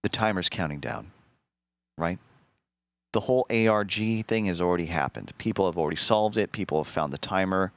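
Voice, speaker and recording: A man streaming, telling a story casually to his chat in an animated, profane way, acting out the lines he quotes. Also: low voice, brisk, no echo, clean studio sound.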